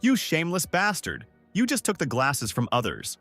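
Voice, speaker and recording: Man voicing a hot-headed young student, loud and high-pitched, angry yelling. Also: huge pitch swings, moderate pace, husky, soft background music, exaggerated voice. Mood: furious. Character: hot-tempered bespectacled young male student.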